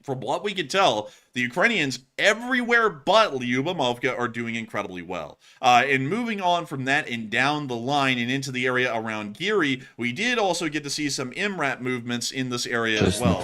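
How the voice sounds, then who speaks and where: A man's voice: mid-range voice, expressive, fairly quick, hardly any pauses, sharp tone. A man hosting a war news show, giving casual commentary with chatty, joking asides.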